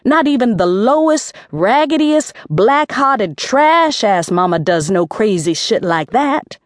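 A woman's voice: medium pitch, lively intonation, slow pace, no room sound, studio quality. A woman voicing a tough, brash middle-aged aunt who barks bluntly and curses. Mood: scolding. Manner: barking, blunt, cursing.

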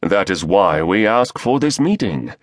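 A smug, scheming British conspirator with a deep baritone, as a man plays him, laying out sinister plans in a measured, sneering delivery. The voice sits dry and close, and his pitch swings widely as he leans into each point. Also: sing-song, no echo.

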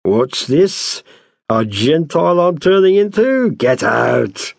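A man's voice: on the low side, big pitch swings, unhurried, no echo, clean studio sound, heavily acted. A man voicing a scheming older male landlord who haggles with wry, wheedling talk. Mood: sly.

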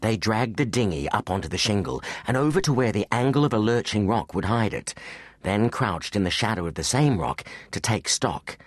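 A man's voice: on the low side, lively intonation, moderate pace, no echo. A man narrating an action story for teens as an audiobook reader, telling it expressively. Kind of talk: scripted narration. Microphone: close studio mic.

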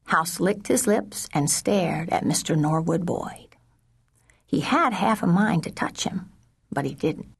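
Woman, audiobook narrator, unhurried, breathy husky tone, lowish voice, gentle hushed storytelling. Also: expressive. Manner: slow, measured storytelling with soft hushed passages. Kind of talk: unabridged children's audiobook narration.

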